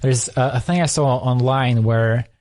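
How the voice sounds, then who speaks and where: A man's voice: mid-range voice, measured pace, darkish tone. Thoughtful man telling a long story. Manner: thoughtful, searching for words, with many restarts. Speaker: podcast conversation partner. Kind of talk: casual conversation.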